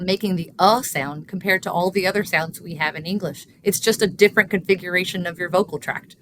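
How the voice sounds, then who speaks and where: A woman researcher explaining language in an interview, measured and teacherly, with frequent fillers. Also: lowish voice, a bit bright, slight background noise. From Kentucky. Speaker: linguistics researcher guest.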